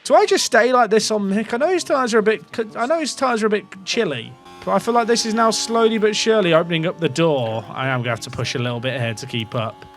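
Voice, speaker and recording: High-voiced English man streaming a game. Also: fast talker, a bit bright, faint music behind. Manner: rambling, self-questioning, talks to chat. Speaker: gaming streamer. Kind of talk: casual live game commentary.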